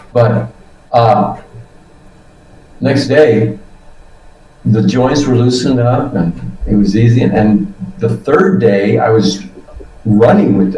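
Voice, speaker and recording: A man's voice: fairly low pitch, warm tone, far from the mic, dull audio. Rambling older man in an echoey room. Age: 70s. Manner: rambling storyteller, swears casually, acts out his own reactions. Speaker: guest. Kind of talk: casual testimonial chat.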